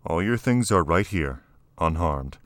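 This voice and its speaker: A man voicing a gentle prisoner doctor. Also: low-pitched, lively intonation, measured pace, no echo, studio quality. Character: mild-mannered adult male prisoner doctor.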